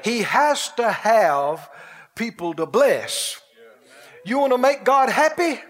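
A man preaching a sermon with exuberant energy, stretching out his phrases for emphasis and breaking into laughter and shouted exclamations. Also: very high voice, very animated, slow.

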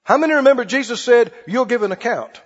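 High-voiced preacher, husky, in a reverberant hall. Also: male voice, lively intonation, fast talker. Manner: conversational preaching, asks the congregation questions, acts out scenes. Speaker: pastor. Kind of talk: sermon. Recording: dull lo-fi audio with long hall reverb.

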